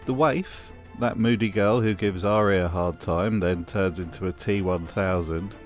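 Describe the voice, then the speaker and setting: Male comedic review host: sardonic, mocking, lowish voice. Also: measured pace, soft background music.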